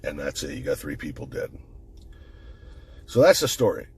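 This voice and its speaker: A man's voice: extremely low pitch, big pitch swings, normal speed, darkish tone, husky. A man recounting an incident in casual, rambling commentary, swearing often and restarting his sentences, recorded on his phone. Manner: rambling, profane, conversational, with frequent restarts. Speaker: firearms commentator.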